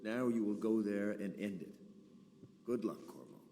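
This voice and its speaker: A man plays a solemn conspirator leader in a video game, his low voice grave and measured. Clear noise runs under the game audio. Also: close to an everyday voice.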